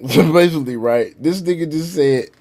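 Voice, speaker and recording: High-voiced dude on a podcast, chill and slangy, cracks up a lot. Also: male voice, moderate pace, dark tone. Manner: laid-back slangy, laughs often. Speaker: podcast host. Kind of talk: casual reaction chat.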